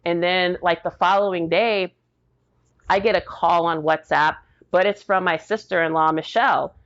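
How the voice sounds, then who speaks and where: Woman, 40s, veteran interview guest; lower voice, animated storyteller, muffled lo-fi sound. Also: moderate pace. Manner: lively retelling, acts out quoted dialogue. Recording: dull lo-fi audio.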